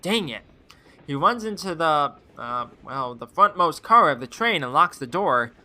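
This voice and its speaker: A streamer reading a game's narration aloud and tossing in wry, deadpan asides. His voice is a touch high and swings in a lively way. The tone is very bright and forceful. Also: a little slow.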